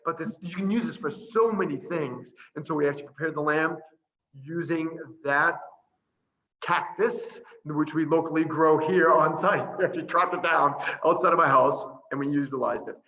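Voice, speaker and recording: A man with a fairly high, bright, forceful voice talks animatedly about life at an orphanage, laughing often and slipping into little voiced asides. The audio has the dull, lo-fi sound of a video call. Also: normal speed. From Boston area. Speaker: priest and orphanage director. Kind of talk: casual video-call chat.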